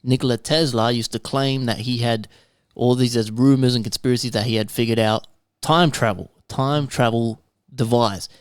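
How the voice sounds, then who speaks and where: A man's voice: medium pitch, fairly even intonation, moderate pace, clean tone, dry recording, studio quality. A man with an Australian accent hosting a podcast, telling rambling conspiracy stories in casual chat. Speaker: podcast host.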